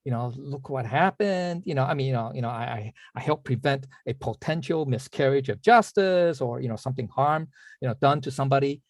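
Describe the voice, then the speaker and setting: Man playing a self-satisfied old monk, soft and halting, dry sound. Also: mid-range voice, no room sound, natural voice. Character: old male monk, pleased with himself.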